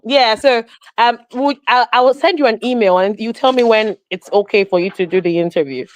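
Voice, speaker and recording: A woman calling into a livestream, warmly effusive and grateful, often repeating words. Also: on the high side, brisk. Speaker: caller joining a livestream. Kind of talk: casual call-in chat.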